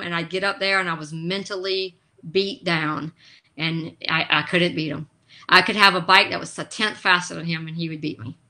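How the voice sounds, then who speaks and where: A middle-aged woman, a guest on a video call, telling stories in an animated, emotional way. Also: medium pitch. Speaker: guest, drag racer. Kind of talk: casual interview chat.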